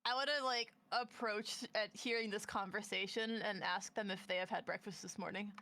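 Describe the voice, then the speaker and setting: A woman's voice: mid-range voice, fairly even intonation, moderate pace, bright, forceful tone. A woman player at a tabletop game, chatty and second-guessing rules as she goes. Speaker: player, bard.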